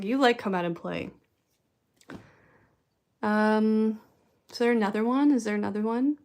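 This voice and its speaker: Slow-talking woman rambling to her chat. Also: on the high side, a little mellow. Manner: rambling, self-deprecating, trails off. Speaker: streamer answering chat. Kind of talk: casual live-stream chat.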